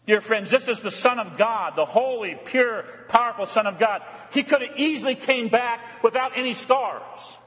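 Preaching at a normal speed with few pauses, a man with a very high, slightly bright voice leads his congregation in call and response. It's a sermon in a church sanctuary with long reverb, built on rhetorical questions, repeated refrains, and lines the people say back.

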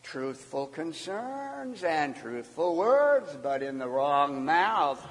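Guy pastor preaching, high voice, lots of echo, loud then hushed. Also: sing-song, slow pace. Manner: emphatic preaching, sharp swings between loud and hushed. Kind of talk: sermon.

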